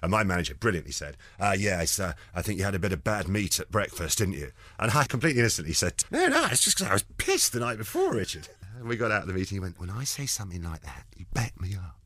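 Super deep guy rattling off funny stories fast, dry close sound, does little voices for the quotes. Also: lively intonation, fairly bright tone, no echo. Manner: rambling storyteller, acts out quoted lines. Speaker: comedian guest. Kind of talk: anecdotal interview chat.

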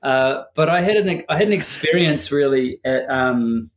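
A man, answering a podcast interview in a thoughtful, earnest way and pausing to find his words. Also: on the high side, animated, echoey room, background noise. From New Zealand. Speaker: podcast guest.

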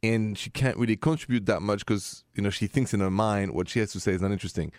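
A man with a French accent co-hosting a talk radio show, giving relationship advice in casual chat with slightly halting phrasing. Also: fairly low pitch, a little mellow, no echo, studio quality.

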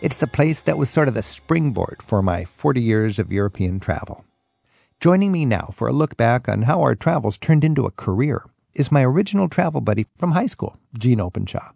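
A man's voice: medium pitch, big pitch swings, a little fast, creaky, darkish tone, dry recording. A man in his sixties from the Pacific Northwest of the United States, hosting a radio travel show with a friendly, storytelling delivery. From Pacific Northwest, USA. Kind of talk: scripted radio show introduction.

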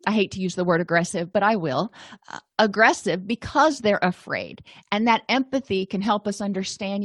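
A woman's voice: mid-range voice, no echo, studio quality. A middle-aged woman giving a conversational lecture as an instructor, thinking aloud with fillers and restarts. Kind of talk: recorded lecture.

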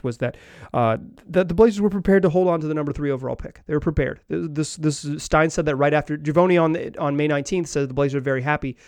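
A man's voice: on the high side, a little mellow, smooth, no room sound, clean studio sound. Rambling sports podcast man. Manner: rambling, many restarts and fillers. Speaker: podcast host. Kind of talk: casual sports podcast talk.

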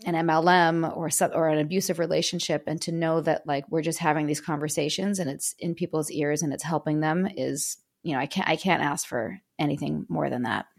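Low, gravelly-voiced woman guest. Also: fairly even intonation, a little fast, few pauses. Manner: candid and emotional; frequent restarts and fillers. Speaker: podcast guest. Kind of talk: casual interview talk.

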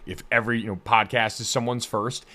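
A man's voice: medium pitch, a little fast. Upbeat young man hosting a sports podcast. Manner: energetic, joking, swears casually. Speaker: podcast host. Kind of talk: casual sports podcast chat.

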